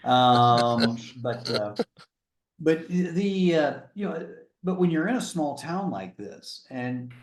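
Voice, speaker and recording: A man's voice: a little high, animated. Earnest man in his sixties, echoey. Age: 60s. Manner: earnest, sober, halting. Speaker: guest. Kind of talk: interview conversation. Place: remote room in a small town.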